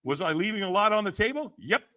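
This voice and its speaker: Fast-talking and sing-song, this man's voice sits high, bright and forceful. Telling an energetic story as a podcast guest, he acts out whoever he quotes, laughs frequently and repeatedly says "man" and "right?".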